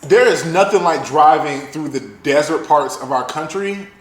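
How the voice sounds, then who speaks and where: A young man adding details to a friend's story in a casual podcast chat. His voice sits a little high for a man. The room is roomy and echoes. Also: moderate pace. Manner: chimes in and laughs, adds details to a friend's story.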